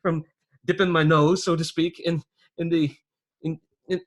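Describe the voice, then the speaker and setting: A man's voice: fairly high pitch, level tone, measured pace, pitched above the performer's own voice. A man doing a stammering, groveling snuff dealer. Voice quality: put-on accent. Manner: stammering, repeating words, fawning "sir". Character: sweaty nervous male snuff dealer, groveling.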